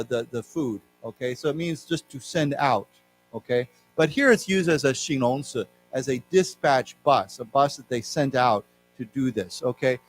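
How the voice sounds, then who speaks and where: A man teaching a live English lesson in a library lecture hall. He explains words and leads the class in repeating them, drawing the model words out slowly. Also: on the high side.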